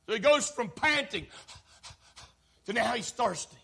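A preacher delivers an impassioned sermon in a very high, bright, sharp voice. His delivery swells into shouts and then sinks back down low. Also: moderate pace, creaky.

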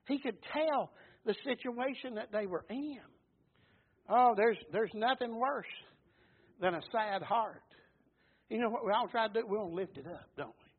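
High-voiced preacher on a tinny line. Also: male voice, expressive, normal speed, husky. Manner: folksy, repeats words, swells to shouts and drops low. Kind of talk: sermon. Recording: tinny phone-like recording.

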